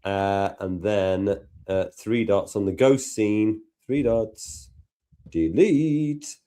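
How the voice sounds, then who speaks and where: Male tutor, Liverpool accent, low, slow, chatty, narrates his steps. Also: warm tone. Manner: chatty, thinks aloud while working. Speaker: tutor and host. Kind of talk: live software tutorial chat.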